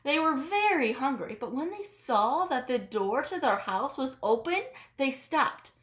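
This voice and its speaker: A woman teacher reading a children's story aloud, expressive and sing-song. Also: sits high, a little slow, echoey room.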